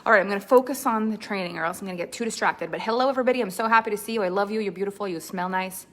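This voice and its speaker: A woman's voice: medium pitch, rapid-fire, fairly bright tone. A woman mentor leading a live online training, greeting viewers by name and then teaching earnestly with lots of repetition. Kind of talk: live-stream coaching talk.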